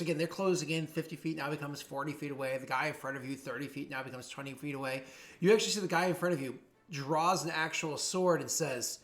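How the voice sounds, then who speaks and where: A man's voice: fairly high pitch, quick pace. A man narrating a tabletop game as game master, rambling with many fillers and restarts. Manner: voices jeering thugs in a raised voice.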